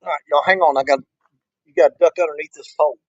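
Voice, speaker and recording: A man with a high voice talks to his viewers in an easy, folksy way while he works outdoors by the river. He sounds a bit out of breath from hauling gear. The camera mic is dull and lo-fi, and his voice sounds close and dry. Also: steady tone, quick pace, a little mellow, no room sound. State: out of breath from walking. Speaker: fishing vlogger. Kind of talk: casual outdoor vlog.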